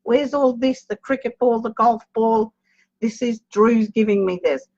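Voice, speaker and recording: A woman's voice: fairly high pitch, unhurried, darkish tone. A woman working as a psychic medium in a live online reading, chatty and calling viewers darling and babe as she greets them by name. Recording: lo-fi dull stream audio.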